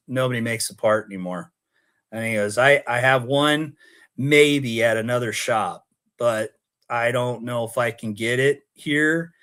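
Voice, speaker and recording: A man's voice: mid-range voice, a bit bright. A man from Oregon, a podcast guest, telling a long rambling story and acting out the dialogue as he goes. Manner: rambling, acts out quoted dialogue. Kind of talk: casual storytelling.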